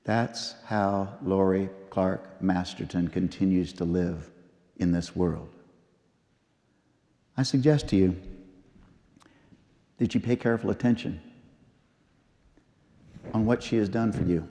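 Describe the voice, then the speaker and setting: Middle-aged male pastor, memorial sermon, emphatic pauses, mellow tone, big church echo. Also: low voice. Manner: storytelling, repeats phrases, slow emphatic pauses. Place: large church. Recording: long church reverb.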